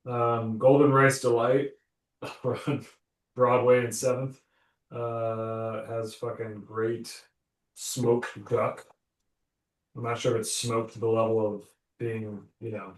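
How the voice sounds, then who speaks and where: A man's voice: medium pitch, level tone, takes it slowly. A man playing a tabletop game, talking loosely and swearing casually. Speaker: player. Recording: roomy, distant mic.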